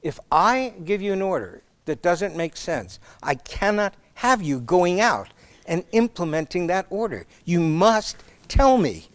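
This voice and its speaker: A man's voice: high-pitched, big pitch swings, a little slow, dry recording. A man voicing a blunt, no-nonsense army captain who is drilling a junior officer. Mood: firm.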